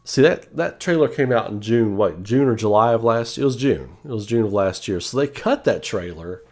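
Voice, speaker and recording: A man from the Southern United States chatting casually on a livestream, animated and rambling, answering chat and laughing often. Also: lowish voice. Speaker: online gaming commentator.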